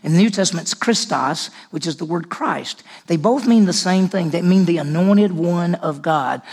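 A man's voice: sits high, normal speed, darkish tone, breathy edge. A man teaching a Bible study lesson in a conversational way, repeating words for emphasis.

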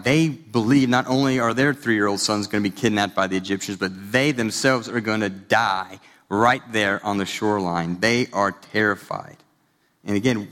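A man in his thirties giving a sermon, telling a story in a conversational way, with animated bursts. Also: on the low side. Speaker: pastor. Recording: long hall reverb.

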